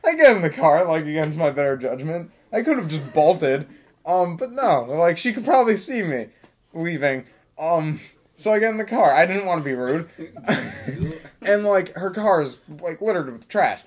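A young man telling a story casually, rambling with many fillers and deadpan asides. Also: fairly high pitch, normal speed.

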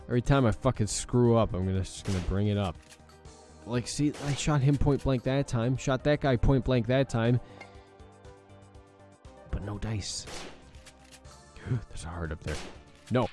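A man's voice: medium pitch, animated, a little slow, long pauses, darkish tone, soft background music. A tired young man commentating his own gameplay, swearing freely and grumbling in frustration. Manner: swears often, frustrated at the game. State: exhausted. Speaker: gaming channel host. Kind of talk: let's play commentary.

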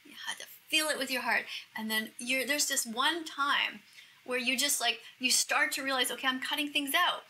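A middle-aged woman vlogging to camera as she reacts to a video. She talks in an emotional, gushing way and often drops into a breathy whisper. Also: high-pitched, fairly even intonation, moderate pace, pushed and bright, poor audio. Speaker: vegan activist vlogger.

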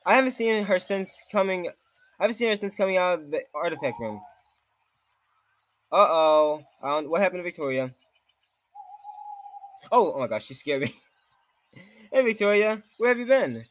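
A man's voice: sits high, lively intonation, moderate pace, pauses often, fairly bright tone. A man giving jumpy gameplay commentary, exclaiming often and reading game text aloud. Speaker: game streamer.

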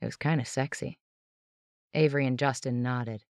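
A woman's voice: extremely low pitch, fairly even intonation, moderate pace, darkish tone, no echo. Woman narrating a tense audiobook, dry. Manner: tense, dramatic storytelling. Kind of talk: first-person audiobook narration.

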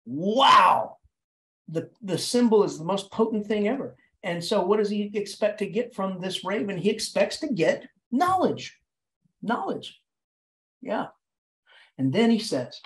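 Man, English professor, literature lecture, animated, dramatic pitch leaps, repeats words, restarts. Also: unhurried. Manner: animated, dramatic delivery with sudden pitch jumps.

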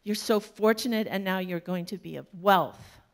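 A woman voicing a crowd of excitable village neighbors in a retold folk tale. She exclaims over their luck, swinging between praise and pity. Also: mid-range voice, normal speed, lightly acted. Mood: excited.

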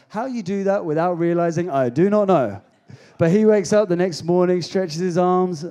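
Energetic pastor, fairly high voice. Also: male voice, moderate pace, clear, resonant tone. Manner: energetic, jokey, calls out to the crowd. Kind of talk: comedic youth sermon.

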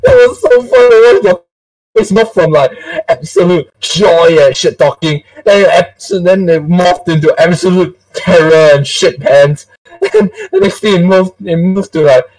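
A man's voice: high-pitched, moderate pace, darkish tone, no room sound, soft background music. A young man hosting a casual storytime chat. He laughs often, swears casually and drops Singlish particles into his speech. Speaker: storytime podcast host. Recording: dry sound from a distant mic.

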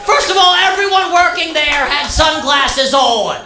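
A man in his thirties doing a stand-up comedy set, foul-mouthed and ranting, often rising to shouts. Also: very high-pitched, expressive, a little slow, crowd noise. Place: comedy club stage. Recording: echoey club with loud audience. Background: audience laughter.

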